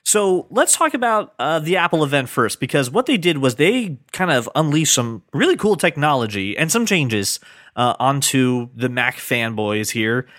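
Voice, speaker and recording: A man's voice: mid-range voice, very animated, moderate pace, fairly bright tone, no room sound, clean studio sound. A man hosting a casual podcast tech segment, eagerly explaining things.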